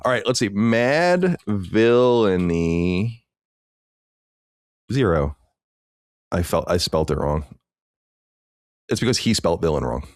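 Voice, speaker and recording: Deep-voiced rambling man on a podcast. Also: expressive, a little fast, long pauses, no room sound, clean studio sound. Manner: rambling, filler-heavy storytelling. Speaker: podcast co-host. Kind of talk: casual chat.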